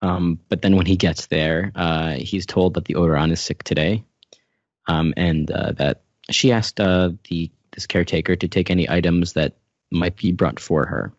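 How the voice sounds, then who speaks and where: A man's voice: sits low, normal speed, no room sound. A man hosting a podcast, retelling a story step by step in casual chat. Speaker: podcast host. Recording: dry, dull lo-fi podcast audio.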